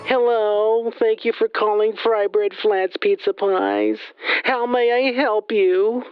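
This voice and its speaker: A woman's voice: fairly high pitch, fairly even intonation, slow, smooth, dry recording, lo-fi sound, faint music behind. A woman voicing an overly polite pizza clerk. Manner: overly polite, rattles off long lists. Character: nervous new young pizza-shop clerk, chatty.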